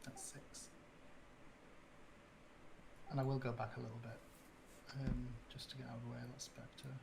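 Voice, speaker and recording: A tabletop player with a mid-pitched voice, speaking in a giggly, unsure way and peppering the talk with ums. A faint hiss runs behind the voice. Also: flat delivery, normal speed, vocal fry. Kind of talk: casual tabletop play.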